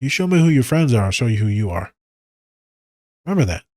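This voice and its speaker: A man hosting a podcast, giving blunt, profane advice and telling animated stories in a casual monologue. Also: medium pitch, fairly quick, no room sound, studio quality. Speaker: podcast host.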